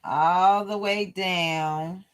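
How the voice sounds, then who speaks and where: Extremely slow and smooth, her fairly low voice holds fairly even intonation. The sewing tutorial host chats with her live chat during a casual livestream lesson, laughing often.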